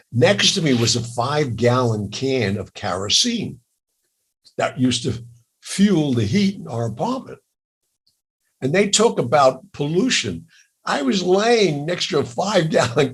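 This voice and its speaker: An older man with a raspy voice, telling lively jokey stories as an interview guest. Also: fairly high pitch. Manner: animated, jokey, laughs through stories. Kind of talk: storytelling in a casual interview.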